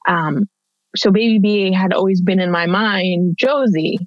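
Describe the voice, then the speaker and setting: A woman's voice: medium pitch, a little slow, dry recording. A woman in her thirties, a guest on an interview, telling a personal story in a conversational way with lots of fillers and restarts. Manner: chatty, with many fillers and restarts. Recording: dull, dry lo-fi audio.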